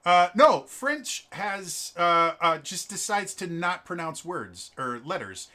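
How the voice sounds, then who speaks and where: A man from Wisconsin running a tabletop game, chatting casually with animated, joking asides. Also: high voice, takes it slowly. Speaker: game master. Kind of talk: casual chat.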